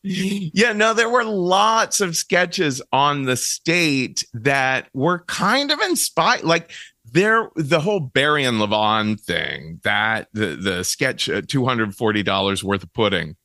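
A middle-aged man from Ohio tells animated stories as a guest in a casual interview and laughs often. His voice is bright and forceful, at a medium pitch. The sound is close and dry. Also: takes it slowly, no echo. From Cincinnati, Ohio, USA.

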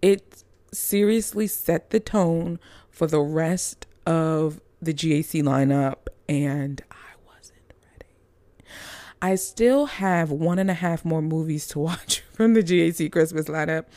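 Lowish-voiced woman rambling excitedly about movies, slow and chatty, dry close sound. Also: no echo. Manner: chatty, gushing, playful asides. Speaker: movie reviewer. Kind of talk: casual vlog review.

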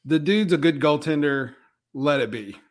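Here a man co-hosts a casual sports podcast in an expressive, somewhat high voice at normal speed. He goes along with others readily and fills gaps with plenty of ums.

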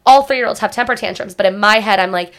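A woman's voice: medium pitch, fast, fairly bright tone. A young adult woman co-hosting a podcast, telling a story in a rambling, casual way full of "like"s. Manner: rambling, filler-heavy storytelling with many "like"s. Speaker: podcast co-host. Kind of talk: casual chat.

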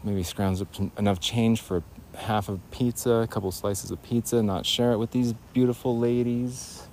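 A man's voice: fairly low pitch, fairly even intonation, normal speed, darkish tone, slight background noise. A man rambling through a nostalgic comic story in a podcast, correcting himself as he goes and breaking into laughter. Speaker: comedian host.

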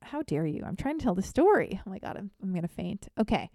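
A woman tells a comic personal story in a lively, theatrical way. She often pokes fun at herself. Her voice is mellow and warm, and it is recorded close and dry. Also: mid-range voice, quick pace, dry recording. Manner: animated, self-deprecating, theatrical. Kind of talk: comedic storytelling monologue.

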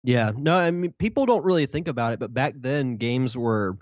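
A man co-hosts a podcast in an easygoing, measured way, moving from chat into reading news. His voice sits in a middle range. The recording is dry and a little dull. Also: medium pitch, animated, dry recording.

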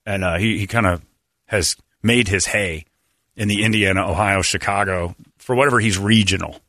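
A man's voice: on the low side, normal speed, bright, forceful tone, no room sound, clean studio sound. A middle-aged man hosting a radio show, talking in a blunt, sarcastic, rambling way. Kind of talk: casual talk radio banter.

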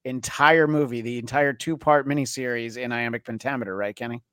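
A man's voice: mid-range voice, fairly even intonation, a little fast, a bit bright. Man, a host, eagerly cutting in. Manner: eager interjections. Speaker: podcast host. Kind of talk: casual interview chat.

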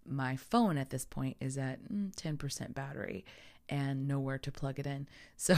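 A woman casually telling a story about her travels as a photographer, animated, acting out her own panic in quoted asides. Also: rumbling low, normal speed, creaky.

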